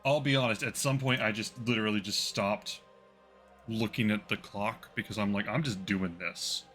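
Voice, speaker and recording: A man's voice: fairly low pitch, little pitch movement, normal speed, fairly bright tone, faint music behind. A man narrating a romantic tabletop one-shot as game master, in a casual, rambling way full of fillers.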